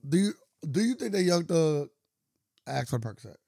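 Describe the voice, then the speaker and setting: Podcast co-host, male, relaxed and gravelly, dry close mic. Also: on the high side, normal speed, dry recording. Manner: laid-back, laughs a lot, drawls slang. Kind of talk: casual podcast chat.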